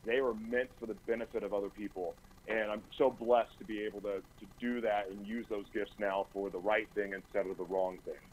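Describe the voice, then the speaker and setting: A man's voice: lowish voice, steady tone, a little fast, few pauses, a little hiss or hum, rough recording. A man as a radio talk show guest, giving an earnest, intense personal testimony in a studio, often stumbling over and repeating his words. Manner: earnest, intense storytelling with stammered restarts.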